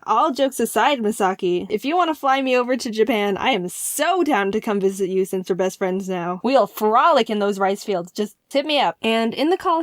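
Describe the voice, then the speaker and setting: A young woman tells a comedic story with quick bursts of excitement, giggles and self-mocking asides. Her voice sits a little high, and the recording is close and dry with no room echo. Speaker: animated storyteller.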